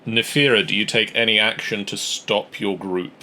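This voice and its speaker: A man narrating a tabletop game as game master, slow and halting, with long pauses. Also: on the low side, fairly even intonation, pushed and bright.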